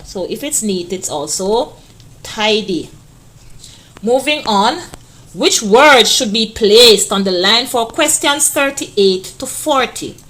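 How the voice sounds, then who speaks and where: A woman's voice: medium pitch, a bit bright. A woman teacher, walking children through test answers in a chatty way and stretching words to stress them.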